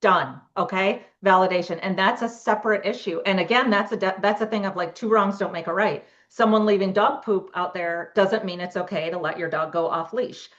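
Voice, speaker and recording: A woman's voice: medium pitch, brisk, hardly any pauses, a bit bright, muffled recording. A middle-aged woman, a couples therapist, giving advice in a podcast interview and acting out sample dialogues. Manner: explains with acted example dialogues.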